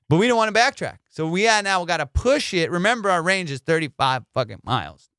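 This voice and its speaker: Male comic host, excitable profane storyteller, smooth higher voice, dry close sound. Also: normal speed, no room sound. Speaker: comedian podcast host. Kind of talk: animated storytelling.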